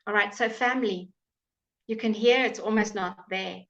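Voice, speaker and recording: A woman's voice: medium pitch, fairly even intonation, gravelly, fairly bright tone, highs cut off. A woman teaching English pronunciation in a live online class, patiently repeating each word for her students to copy. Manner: slow, patient, repeats words for drilling. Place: home. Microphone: computer mic on a live stream.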